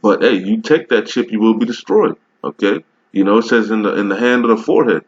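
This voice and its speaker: A man's voice: fairly low pitch, a little fast, husky, lo-fi sound. A man giving casual, emphatic religious commentary over a video, rambling and often asking "all right?". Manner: rambling with many restarts while browsing.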